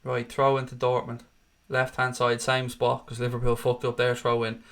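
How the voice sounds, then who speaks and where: A man commentates a football match live for his viewers, fast and profane. His voice sits at an ordinary middle pitch for a man, and he jumps between excited play calls, curses at the referee, and replies to the chat. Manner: excitable, sweary, rants at the referee. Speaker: fan hosting a live watchalong.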